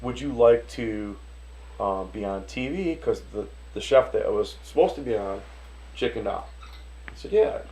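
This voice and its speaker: A man from Detroit, a restaurant owner and chef, telling animated stories in a casual interview, acting out the voices of the people in them and swearing casually. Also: lowish voice, measured pace, poor audio. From Detroit, USA.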